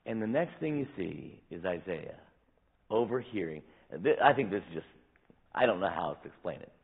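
Male pastor, husky and worn, lively sermon delivery, phone-like sound. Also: sits low, normal speed. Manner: animated preaching, acts out scripture quotes. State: voice tiring, dry throat. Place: church sanctuary.

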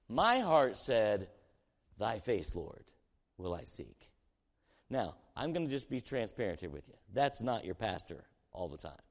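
Pastor preaching in a reverberant hall. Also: male voice, on the low side, big pitch swings, unhurried. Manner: questions the room, swings between quiet reading and loud emphasis. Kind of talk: sermon with scripture reading.

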